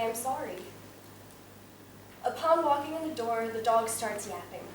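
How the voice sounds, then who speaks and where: A woman's voice: on the high side, a little hiss or hum. Young woman reciting a poem in a hall. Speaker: student poet. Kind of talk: poetry recitation. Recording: echoey hall, distant mic.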